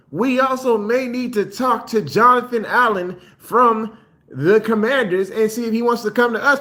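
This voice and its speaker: A man's voice: very high-pitched, a bit bright. An older man, a sports vlogger, ranting in frustration about his team's loss and trash-talking like a heated fan. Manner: frustrated, fired-up trash talk.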